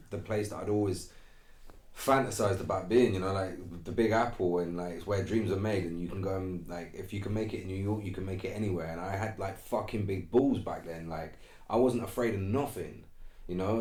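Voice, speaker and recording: A man's voice: sits low, normal speed, echoey room. A man who is a guest on a podcast, telling a story loosely and checking in with "right?". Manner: relaxed storyteller, tags lines with "right?". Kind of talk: casual chat, storytelling.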